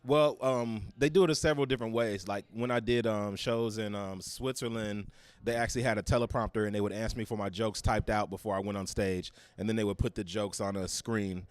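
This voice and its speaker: A man's voice: fairly low pitch, fairly even intonation, a little fast, clean tone, no echo. An American man, a comedian guest, telling brash, profane road stories in casual chat. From United States. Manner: blunt, profane, brash storytelling.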